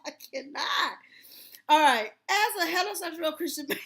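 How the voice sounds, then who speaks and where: A woman's voice: extremely high pitch, normal speed, a bit bright. A woman host reading court documents aloud, breaking off often to laugh and exclaim. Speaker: commentary channel host.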